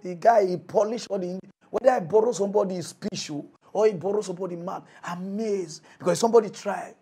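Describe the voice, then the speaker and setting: A man with a high voice and a Nigerian Pidgin accent, hosting a comic mock news show. He is animated and mocking and bursts into exclamations. His delivery swings from playful grumbling to loud teasing. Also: brisk, few pauses, breathy edge. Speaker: comedy news host.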